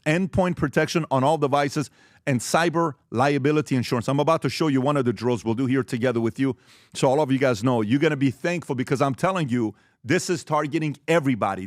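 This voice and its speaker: A man talking to a live audience about business, direct and emphatic as he runs through his points. He tells stories in an animated way, acting out the exchanges. His voice sits in a middle register and sounds dry and close. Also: mid-range voice, brisk, no echo. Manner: animated storytelling, acts out quoted exchanges. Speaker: host giving a business talk.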